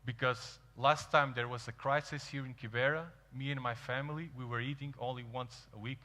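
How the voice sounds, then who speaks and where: A man in his thirties with a Portuguese accent, speaking English as a second language, tells stories on a stage. His voice is bright and forward, and he acts out the people he quotes. The sound rings out with a long reverb from a large hall. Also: mid-range voice, brisk. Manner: animated, acts out quoted dialogue. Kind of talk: storytelling keynote talk.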